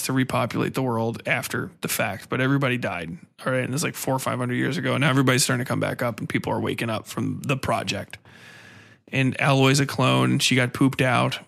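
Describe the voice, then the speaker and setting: A man's voice: medium pitch, vocal fry, fairly bright tone. A man hosting a podcast alone, ranting casually and animatedly, swearing often and restarting his sentences. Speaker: podcast host. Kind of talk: casual solo podcast rant.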